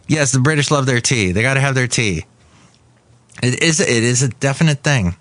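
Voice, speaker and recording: A man's voice: medium pitch, lively intonation, normal speed, a bit bright, no room sound. A man hosting his own podcast, chatting in a rambling, digressive way and correcting himself as he goes. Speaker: podcast host. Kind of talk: rambling solo podcast chat.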